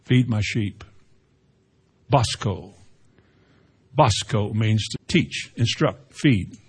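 A man's voice: fairly low pitch, lively intonation, very slow, husky. A man preaching a sermon as a pastor, growing emphatic as he quotes scripture. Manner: preaching with rising emphasis and Bible quotations.

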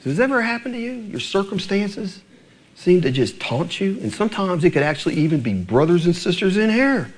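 A man's voice: high-pitched, big pitch swings, brisk. A male pastor preaching a sermon, asking his congregation rhetorical questions.

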